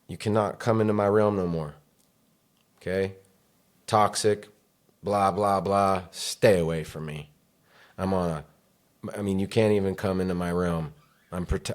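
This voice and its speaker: Candid, rambling podcast host, low-voiced man. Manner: emotional, confessional. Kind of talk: solo podcast monologue.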